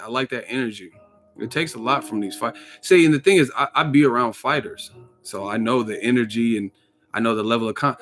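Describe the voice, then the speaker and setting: Profane joking man ranting about boxing. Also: mid-range voice. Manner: joking, profane, acts out quotes with laughs. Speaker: boxing commentary channel host. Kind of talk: casual opinion rant.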